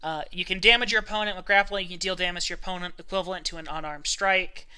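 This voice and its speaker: A man's voice: high voice, fairly even intonation, quick pace, bright, forceful tone, clean tone. A man running a tabletop game as game master, explaining rules at length with many ums and uhs.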